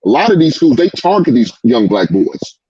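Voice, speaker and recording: A man's voice: mid-range voice, big pitch swings, moderate pace, mellow, slightly rough, no echo, highs cut off. A man, a father, speaking sternly and plainly in a casual discussion, often stumbling over restarts. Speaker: father and guest.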